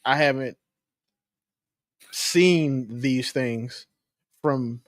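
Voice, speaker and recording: Halting man co-host, dry sound. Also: medium pitch, dry recording. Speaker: podcast co-host. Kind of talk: casual podcast chat.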